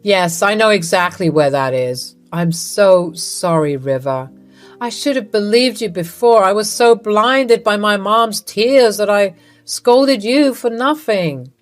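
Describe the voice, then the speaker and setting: A woman's voice: mid-range voice, expressive, slow pace, soft background music. A woman voicing a worried, earnest husband in a narrated story. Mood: apologetic. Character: worried husband, man, apologetic.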